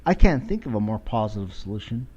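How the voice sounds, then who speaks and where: A man's voice: lowish voice, big pitch swings, quick pace, mellow, breathy edge. A man around forty hosting a podcast, giving a blunt, profane casual monologue. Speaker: podcast host. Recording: dull lo-fi recording.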